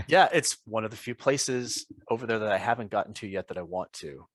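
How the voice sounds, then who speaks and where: A man co-hosting a casual interview podcast, relaxed and quick to laugh between his questions. The recording is dry, with almost no room sound. He talks in an easy, conversational way. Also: on the low side, no room sound. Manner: easygoing, laughs often. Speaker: podcast co-host.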